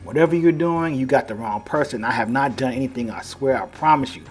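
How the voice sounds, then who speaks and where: A man's voice: medium pitch, fairly quick, natural voice. A man voicing a frightened teenage boy werewolf who pleads urgently. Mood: pleading.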